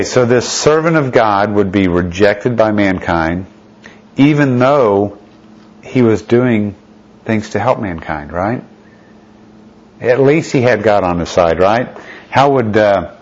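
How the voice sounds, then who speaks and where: Low-voiced man preaching a sermon. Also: muffled recording. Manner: reads scripture aloud, asks rhetorical questions.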